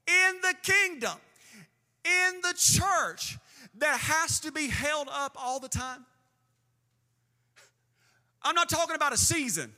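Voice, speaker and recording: High, bright-voiced preaching pastor. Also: male voice. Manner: preaching with rising emphatic bursts and slow drawn-out phrases. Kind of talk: sermon. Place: church sanctuary with a band. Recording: long hall reverb with faint band music.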